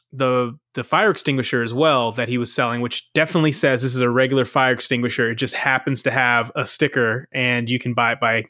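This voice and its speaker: Man, podcast co-host, mid-pitched voice, dry sound, curious questions. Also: a bit bright, no echo. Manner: curious, asks lots of questions, reads out news items. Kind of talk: casual podcast chat.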